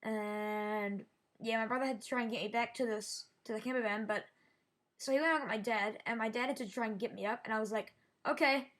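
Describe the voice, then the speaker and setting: A woman vlogging a personal story in a halting way, often restarting her sentences and sounding shaken. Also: a little high, fairly bright tone. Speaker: YouTuber. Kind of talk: casual storytelling vlog.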